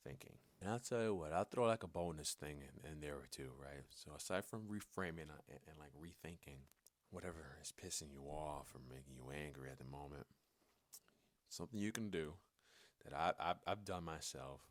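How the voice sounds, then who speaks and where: A man's voice: rumbling low, moderate pace. A man talking candidly in a personal vlog, rambling and swearing, with frequent stammering restarts. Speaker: vlogger.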